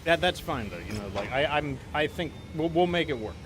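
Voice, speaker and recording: A man's voice: on the high side, lively intonation, a little fast, background noise. A man hosting a live game stream, chatting casually in a rambling way, reading out viewer messages. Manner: rambling, many fillers and restarts, reads chat aloud. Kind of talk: casual live-stream chat while gaming.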